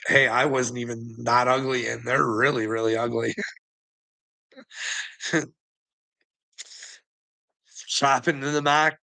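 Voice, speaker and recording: A man's voice: medium pitch, gravelly, pushed and bright, rough recording. A man in a casual, rambling monologue, swearing often and laughing between thoughts. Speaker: vlogger.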